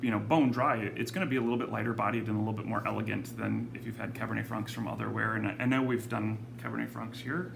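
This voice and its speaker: A man presents monthly wine club picks for a wine shop, chatting casually to camera with many ums and self-corrections. His fairly low, creaky voice holds a steady tone, and he talks fast with few pauses. Background noise is audible.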